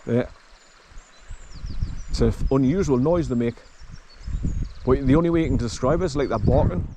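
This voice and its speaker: A man vlogging outdoors in a forest, with the camera on his chest harness, explaining things in a halting, rambling way and coaxing his dog along. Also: mid-range voice, background noise. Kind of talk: casual walking vlog.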